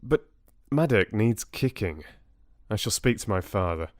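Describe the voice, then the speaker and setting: A man's voice: fairly low pitch, animated, measured pace, a little mellow, no room sound, clean studio sound. A man voicing a posh young prince, clipped and irritable yet fond, with a British accent. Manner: clipped, upper-class.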